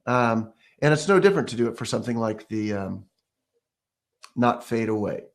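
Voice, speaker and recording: A man teaches ukulele in a relaxed, step-by-step way at an ordinary pitch, now and then counting the beats or scatting a rhythm aloud. Faint ukulele strumming sits underneath his voice. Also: moderate pace, soft background music. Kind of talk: casual music lesson. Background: ukulele playing.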